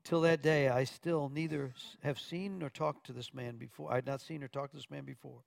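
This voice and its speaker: A man's voice: medium pitch, steady tone, brisk, gravelly, few pauses, no echo. A man preaching from Arkansas, earnestly telling a testimony story with quoted dialogue and occasional stumbles.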